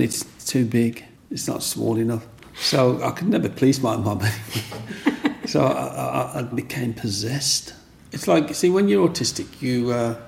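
A man's voice: mid-range voice, vocal fry, darkish tone, a little hiss or hum. An older man telling his own story in a rambling, restart-filled way, as an interviewee. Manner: rambling, with restarts and "you know what I mean".

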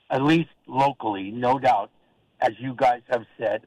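An older man from Oregon calling into a sports talk show, rambling in a halting, friendly way with lots of fillers and restarts. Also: mid-range voice, darkish tone, no echo, poor audio. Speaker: caller. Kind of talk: casual call-in chat.

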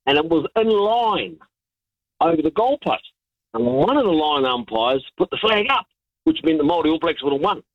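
A man's voice: a little high, moderate pace, no room sound. New man telling a story on a dull line. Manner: animated storyteller, many restarts, chuckles. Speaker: caller. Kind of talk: telling an anecdote on talk radio.

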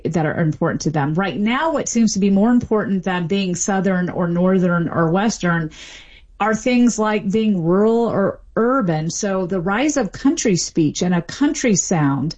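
A woman's voice: mid-range voice, darkish tone. A middle-aged woman linguistics professor speaking as an expert guest, explaining fluently with light laughs and small restarts. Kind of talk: expert radio interview.

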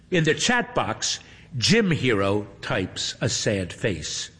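A man narrating a story in an unhurried, dry and wry manner. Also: on the low side, huge pitch swings, fairly bright tone, slightly rough. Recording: faint hum with long reverb.

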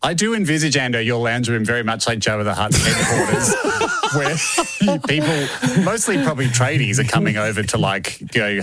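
A man's voice: medium pitch, lively intonation, brisk, fairly bright tone, dry recording. A man co-hosting a casual chat, riffing with jokes and laughing often. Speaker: podcast co-host.

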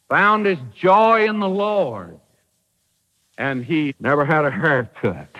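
Lively, high-pitched old-time radio preacher. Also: male voice, in a large hall, rough recording. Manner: folksy, emphatic preaching with dramatic quoted voices. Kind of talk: radio sermon.

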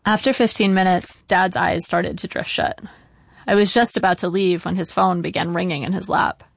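Gravelly woman reading a memoir. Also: fairly low pitch, steady tone, no room sound, clean studio sound. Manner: measured, wry storytelling. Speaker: narrator. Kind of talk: reading a personal memoir aloud.

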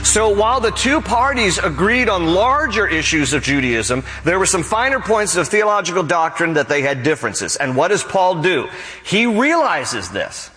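A male pastor preaching an animated sermon, acting out quotes from the scripture and his own examples. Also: high voice, normal speed, big-room sound, faint music behind, poor audio.

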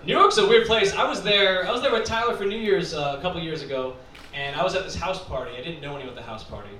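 A man's voice: high-pitched, lively intonation, quick pace. A man telling wry observational stand-up stories on a club stage. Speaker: stand-up comedian. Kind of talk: stand-up comedy set. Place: comedy club stage before a laughing crowd. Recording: roomy live recording from far off, loud noise.

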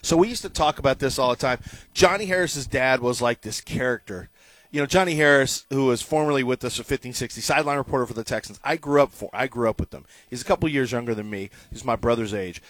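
A middle-aged man hosting a sports talk show, telling stories casually and growing loud when he quotes himself. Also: medium pitch, fast talker, no room sound. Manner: animated storyteller, loud when quoting himself. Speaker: radio sports show host.

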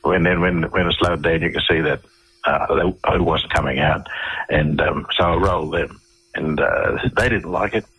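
A man's voice: sits low, normal speed, fairly bright tone, husky, low-quality recording. A middle-aged Australian man, a radio interview guest, telling stories in a rambling way full of restarts and fillers.

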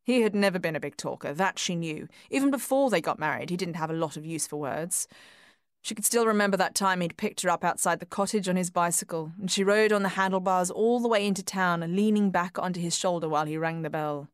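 A woman narrates a literary story in a soft, measured voice that often drops to a hush. Her voice sits a little low, and the close recording is completely dry. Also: smooth, dry recording. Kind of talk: scripted audiobook narration.

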